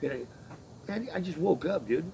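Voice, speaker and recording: A man's voice: medium pitch, lively intonation, brisk, vocal fry, slight background noise, rough recording. A man venting a long story in casual, profane, rambling talk, acting out what was said back and forth. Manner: profane, rambling, acts out quoted exchanges. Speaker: laborer telling his story.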